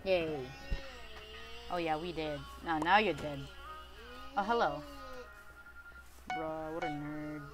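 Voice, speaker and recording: A woman with a light, thin voice giving casual, excitable commentary over her own gameplay. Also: low-pitched, takes it slowly, pauses often, over music. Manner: excitable, chatty, bursts into laughter and cheers. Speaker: gaming YouTuber.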